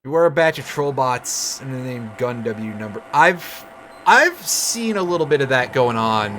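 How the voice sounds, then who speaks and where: A man's voice: mid-range voice, expressive, moderate pace, a bit bright, a little hiss or hum. Sarcastic swearing male game streamer. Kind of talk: casual gameplay commentary. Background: game music.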